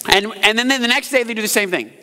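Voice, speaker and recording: A man preaching a sermon as pastor, jokey and animated, acting out yells and voices. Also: very high voice, fast talker. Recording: hall reverb.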